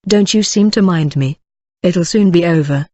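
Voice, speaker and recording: An audiobook reader voicing a weary young woman who speaks softly and pleads with her man. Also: mid-range voice, normal speed, no room sound, natural voice. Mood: pleading. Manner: soft, pleading.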